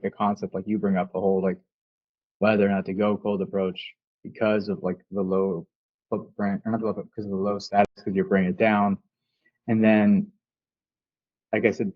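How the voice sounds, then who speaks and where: A man's voice: on the low side, dry recording, lo-fi sound. A man in a casual chat, asking hesitant, rambling questions full of fillers.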